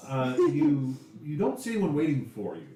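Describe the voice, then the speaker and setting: A man with a Southern US accent, narrating a tabletop game as game master, halting with many restarts. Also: medium pitch, wildly swooping pitch, a loud crowd. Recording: roomy, distant mic.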